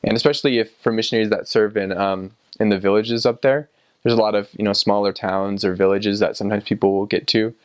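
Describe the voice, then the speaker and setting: A young man who served as a missionary, casually recalling his time abroad in a relaxed, rambling way with many fillers and restarts. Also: on the low side, quick pace, dry recording. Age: young adult. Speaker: returned missionary. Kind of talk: casual personal recollection.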